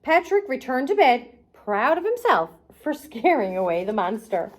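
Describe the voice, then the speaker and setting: A woman's voice: fairly high pitch, sing-song, normal speed. Sing-song woman reading to kids. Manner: sing-song, playful, talks to kids directly. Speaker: children's arts and crafts host. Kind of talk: storybook read-aloud for children.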